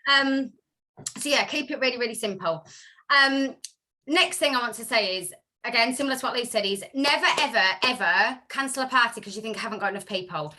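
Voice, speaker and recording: A woman's voice: fairly high pitch, a little fast. A woman speaking from home, casually sharing sales tips on a group call, chatty and full of asides. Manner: chatty, self-interrupting, animated storytelling. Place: home room.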